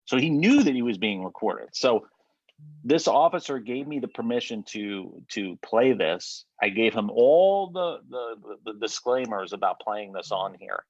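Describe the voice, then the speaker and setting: A man's voice: medium pitch, expressive, unhurried, darkish tone, breathy edge, no room sound, lo-fi sound. A man hosting a podcast in casual chat, blunt and swearing freely. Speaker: podcast host.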